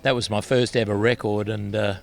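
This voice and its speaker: A man's voice: fairly low pitch, level tone, fairly quick, creaky. An older Australian man, a guest musician, telling anecdotes in a casual outdoor interview and laughing at himself.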